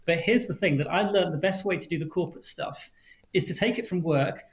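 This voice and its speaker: Brisk, higher-voiced male guest author. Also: low-quality recording. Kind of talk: livestream interview.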